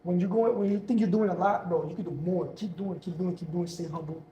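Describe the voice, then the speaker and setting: A young guest entrepreneur gives a casual, earnest pep talk on hustle and faith, full of slang and repeating himself for emphasis. His high, dark-toned voice is steady and fast, heard in a roomy space with some hiss or hum on a rough recording.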